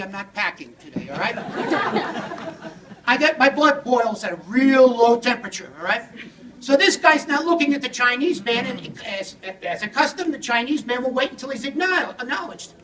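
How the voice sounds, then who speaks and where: Animated man telling stories in an echoey hall. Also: extremely high pitch. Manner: animated, theatrical, rising to shouts. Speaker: speaker on language learning. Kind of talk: comic storytelling keynote. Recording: echoey hall audio from a distant mic with audience.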